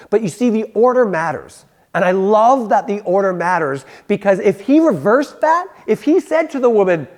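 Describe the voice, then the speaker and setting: A man's voice: high-pitched, unhurried. A young adult man preaching a youth sermon, telling stories and acting out voices as he goes. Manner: animated, acts out voices, laughs at own stories. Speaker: youth pastor.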